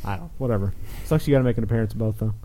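A man's voice: fairly low pitch, very fast, mellow, a little hiss or hum. A man hosting a casual podcast chat, joking and teasing his co-hosts in a loose, rambling way. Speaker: podcast host.

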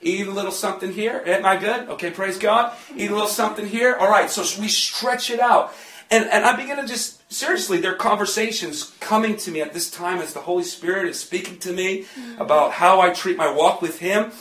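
A man with a high-sitting, fairly bright voice preaches at a normal speed, chatting, laughing, and joking with his congregation. The church sounds echoey, picked up from a distant mic.

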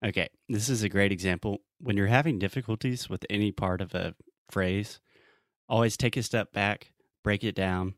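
Young male English teacher, very low voice, dry close sound, playful coach. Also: normal speed, no room sound. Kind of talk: casual pronunciation lesson.

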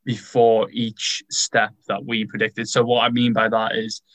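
A man's voice: lowish voice, monotone, a little slow, fairly bright tone, no echo. A man co-hosting a casual podcast, talking in an upbeat and agreeable way. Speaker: podcast co-host.

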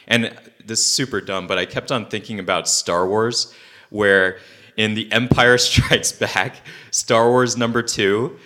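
A young man gives a relaxed, conversational sermon in a fairly low voice with a bright, forceful edge. He rambles easily, fills pauses with ums and drops in joking asides. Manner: chatty, with many fillers and asides. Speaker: preacher. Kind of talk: casual sermon.

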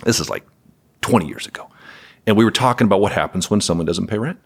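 Low-voiced, animated man telling it straight. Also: fast, creaky, husky. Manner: candid, wry, animated storytelling with chuckles. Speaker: property management company president, guest. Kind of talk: podcast interview conversation.

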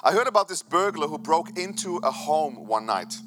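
Brief: a male preacher with a bright, slightly high voice, enthusiastic and prone to restarts. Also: big pitch swings, moderate pace, a little hiss or hum. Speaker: pastor. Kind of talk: sermon.

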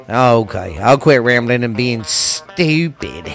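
A man's voice: mid-range voice, lively intonation, slow pace, hardly any pauses, soft background music. A man hosting a casual, rambling podcast, rowdy and profane, stuffy from sinus trouble. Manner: rowdy, profane, rambling, calls listeners baby. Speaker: podcast host. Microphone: close studio mic.

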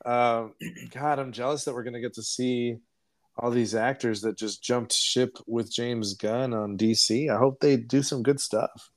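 A man co-hosting a podcast, recapping a film in a rambling, profane, animated way. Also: mid-range voice, unhurried. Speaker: podcast co-host. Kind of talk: casual movie review chat.

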